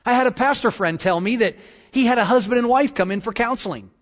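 A man preaching a sermon as pastor, praying and telling jokes in a lively storytelling manner. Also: very high voice, quick pace, long reverb tail.

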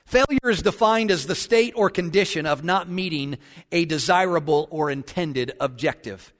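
A man's voice: on the high side, a bit bright. A male pastor preaching a sermon, reading scripture, praying and telling jokes in a folksy way. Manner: folksy and joking, with a solemn, slowed prayer voice. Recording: long church reverb.

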